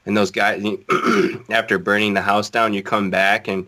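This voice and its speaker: A man co-hosts a casual gaming podcast. He speaks hesitantly, filling gaps and clearing his throat. His voice is low but has a bright, forceful edge. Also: little pitch movement, normal speed. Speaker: podcast co-host.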